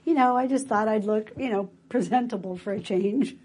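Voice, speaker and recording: A woman role-playing a cheerful, chatty mother in her seventies, with a breathy voice and bubbly exclamations. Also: medium pitch, a little fast, darkish tone, close to an everyday voice.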